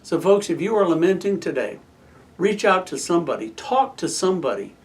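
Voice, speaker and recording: High-voiced man giving a devotional. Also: very animated, fairly quick, far from the mic. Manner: storytelling, emphatic, drops to a soft hush in prayer. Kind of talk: spoken devotional and prayer.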